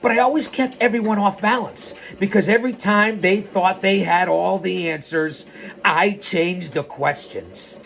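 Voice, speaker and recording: A man's voice: high voice, a little slow, creaky. Man telling a wrestling story. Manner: animated, prone to tangents. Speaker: host. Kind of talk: first-person story reading with asides.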